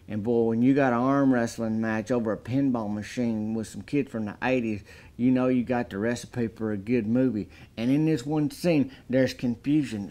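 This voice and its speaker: A man giving a deadpan comedic movie review, talking in a folksy drawl and building up exaggerated hype. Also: mid-range voice, normal speed.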